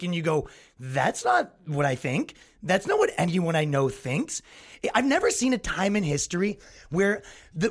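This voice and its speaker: Young man, podcast host; exasperated comedic ranter, high-pitched and very animated. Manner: exasperated, ranting, mocks others in put-on voices. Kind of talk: solo comedic rant.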